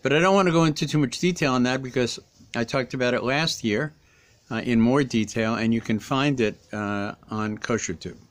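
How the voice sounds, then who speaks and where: A middle-aged rabbi giving a conversational weekly Torah talk, pausing often and restarting his sentences. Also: mid-range voice. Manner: conversational, frequent hesitations and restarts. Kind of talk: casual spoken Torah commentary.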